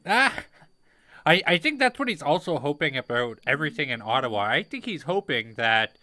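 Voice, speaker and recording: Man, livestream host, explanatory, bright tone. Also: fairly high pitch, big pitch swings, moderate pace, a little hiss or hum. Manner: explanatory, giving historical context. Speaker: show host. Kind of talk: livestream commentary.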